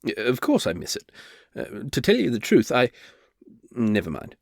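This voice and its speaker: A man's voice: medium pitch, huge pitch swings, moderate pace, dry recording, clean studio sound. Man voicing a stammering reluctant bard-duke. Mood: flustered. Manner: stammering, hesitant, nervous.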